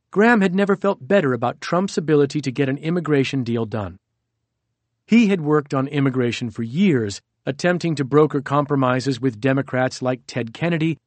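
Man, audiobook narrator, slightly higher-pitched voice, dry close sound, measured steady delivery. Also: no room sound.

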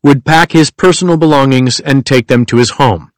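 A man reading the lines of a calm, guarded male senior official in a restrained, formal way. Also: mid-range voice, moderate pace, no room sound, natural voice.

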